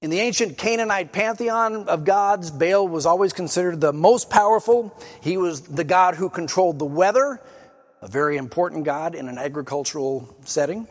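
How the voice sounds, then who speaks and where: A man's voice: high-pitched, lively intonation, normal speed, in a large hall. A man preaching a sermon, explaining scripture in an earnest teaching manner and reading passages aloud with emphasis. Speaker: pastor.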